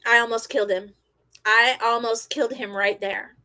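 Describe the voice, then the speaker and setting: A middle-aged woman and former army medic, casually telling a story and acting out her own quotes loudly. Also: fairly high pitch, steady tone, normal speed, smooth.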